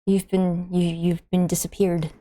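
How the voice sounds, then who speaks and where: A woman's voice: on the low side, level tone, mellow. A woman hosting a casual game stream, giggly and playful. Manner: giggly, playful, quick to laugh. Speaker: streamer and host.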